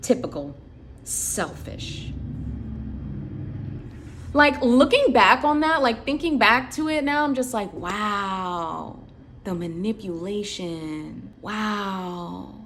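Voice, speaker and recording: A woman's voice: high-pitched, lively intonation, takes it slowly, long pauses, a bit bright, a little hiss or hum. A woman in her late twenties, hosting a channel and telling personal stories in a reflective, conversational way with lots of "like" and "um.". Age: late 20s. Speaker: channel host. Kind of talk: personal storytelling commentary.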